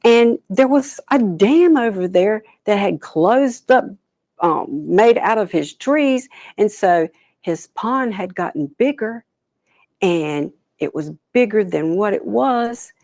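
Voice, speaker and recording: A woman storyteller telling a traditional folktale aloud, animated, with dramatic pauses and soft whispered asides. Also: medium pitch, no room sound.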